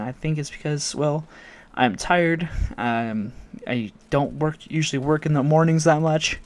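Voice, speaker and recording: Man from Oregon, casual storytelling vlog, rambling and self-correcting, a bit high-pitched. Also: a little slow. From Oregon, United States. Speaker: vlogger.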